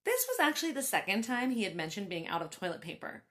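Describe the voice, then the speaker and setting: Animated woman reading her own story. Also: mid-range voice, fast. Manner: animated, laughing asides to listeners. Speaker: author and podcast host.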